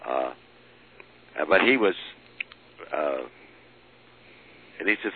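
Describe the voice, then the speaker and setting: A man telling a personal story as an interviewee, halting with many fillers and restarts and chuckling as he goes. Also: sits low, lively intonation, breathy edge. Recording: lo-fi phone-like recording with faint hiss.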